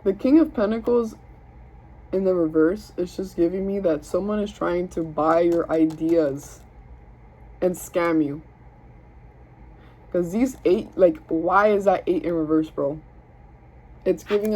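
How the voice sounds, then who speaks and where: Mellow-voiced Southern woman reading tarot. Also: lowish voice, moderate pace, poor audio. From Southern United States. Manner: chatty, slangy, self-interrupting, talks to spirit and viewers. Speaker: tarot reader. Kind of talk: casual spoken tarot reading.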